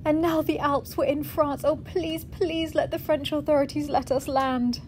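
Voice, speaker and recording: A tired woman records a travel video diary, her voice a touch high. She talks in breathless, emotional runs. Steady noise hums behind her. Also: moderate pace, poor audio. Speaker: vlogger.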